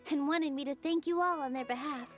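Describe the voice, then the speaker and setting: Brief: woman playing a bubbly little fairy companion, very high and chirpy, game music faint behind. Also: a little fast, natural voice. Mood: cheerful. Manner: bubbly and eager. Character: tiny floating female fairy guide, cheerful, excitable. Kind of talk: video game dialogue.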